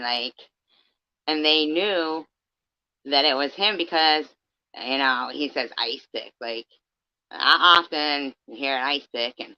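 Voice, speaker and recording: A woman talks casually to her stream audience, laughing often and swearing freely. Her voice sits low and she speaks slowly. The audio is dull and dry, with no room sound. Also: no echo. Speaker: livestreamer. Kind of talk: casual livestream chat.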